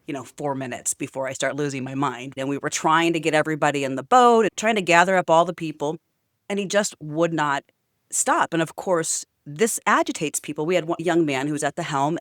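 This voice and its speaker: A woman's voice: low voice, no echo, clean studio sound. Blunt, outspoken woman ranting casually. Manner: blunt, outspoken, swears freely; chatty with many fillers. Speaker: vlogger. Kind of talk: casual storytelling rant to camera.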